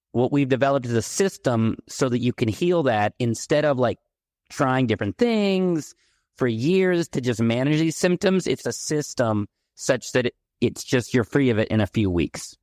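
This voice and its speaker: A middle-aged man from the San Francisco Bay Area, a podcast guest telling his childhood story in a candid, animated way. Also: medium pitch, moderate pace, no room sound, studio quality. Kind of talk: personal storytelling in a podcast interview.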